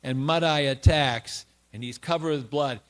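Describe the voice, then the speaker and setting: A man giving a morning scripture class at a temple, retelling a sacred story loosely with many pauses, fillers and restarts. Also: fairly high pitch. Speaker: class speaker. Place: temple hall.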